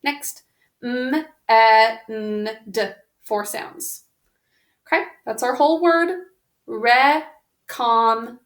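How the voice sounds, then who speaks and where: A woman's voice: fairly high pitch, expressive, slow pace, long pauses. A woman teaching a spelling lesson on video, patiently sounding out words one sound at a time. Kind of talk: slow, careful spelling lesson. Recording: roomy echo.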